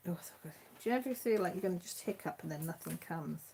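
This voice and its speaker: A woman's voice: on the low side, expressive, fast, warm tone, slight background noise. A woman hosting a live chat stream, chatting casually and rambling with many restarts, sounding tired.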